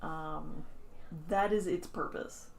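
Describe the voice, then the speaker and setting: A woman's voice: deep voice, slow, vocal fry, slight background noise. A woman co-hosting a model-kit channel, talking casually and hesitantly about her painting. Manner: relaxed, hesitant, many ums. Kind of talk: casual chat while painting.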